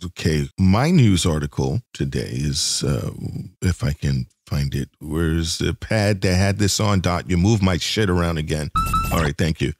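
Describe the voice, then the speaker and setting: A man's voice: deep voice, expressive, measured pace, a little mellow, no echo, clean studio sound. A man hosting a casual podcast chat, joking around, laughing often and swearing casually. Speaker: podcast host.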